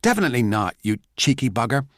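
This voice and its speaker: A man voicing a saucy, quick-tempered young wife with a brash, cheeky manner. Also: big pitch swings, no room sound, studio quality, lightly acted. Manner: brash, cheeky, shrill when angry.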